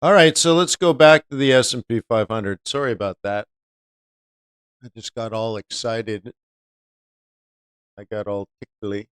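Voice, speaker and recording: A man's voice: fairly low pitch, measured pace, pauses often, a bit bright, clear, resonant tone, dry recording, clean studio sound. A man hosting a live-stream trading lesson, chatty, often asking viewers rhetorical questions. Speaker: trading educator.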